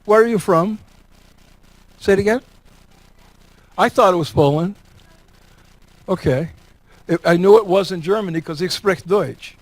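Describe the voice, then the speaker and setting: A man's voice: sits high, measured pace, pauses often, no echo, poor audio. A man from New York state gives a talk and takes audience questions, folksy and joking, repeating words for emphasis. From Elmira, New York. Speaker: guest speaker.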